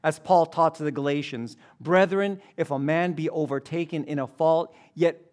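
Higher-voiced male pastor preaching. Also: normal speed, a little mellow. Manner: reads scripture then jokes, repeats and stresses phrases. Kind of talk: sermon.

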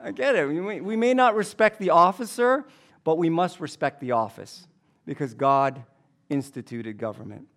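A man's voice: fairly high pitch, moderate pace, a bit bright. A man preaching a sermon as pastor, reading scripture, telling jokes and repeating key phrases for emphasis.

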